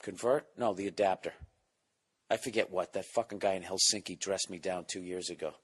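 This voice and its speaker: Deep-voiced man rambling on his podcast. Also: steady tone, fairly quick, fairly bright tone, breathy edge. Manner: rambling, profane, self-mocking; keeping voice down. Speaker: podcast host and comedian. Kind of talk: casual solo podcast monologue. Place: home, at night or early morning.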